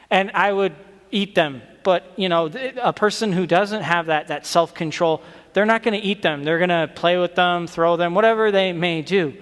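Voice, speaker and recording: A man's voice: high-pitched, normal speed, fairly bright tone. A man giving a children's sermon in a church, talking in a friendly way with lots of questions to the kids and frequent restarts. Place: church sanctuary. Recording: long church reverb.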